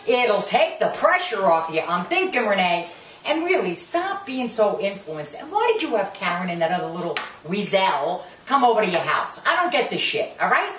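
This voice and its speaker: In a very animated, medium-pitched voice at normal speed, a woman brashly tears into a reality show, swearing freely, tossing out Italian curses and ridiculing the cast. Her tone is fairly bright; she's distant from the mic in an echoey room, with faint ambience and a little hiss or hum.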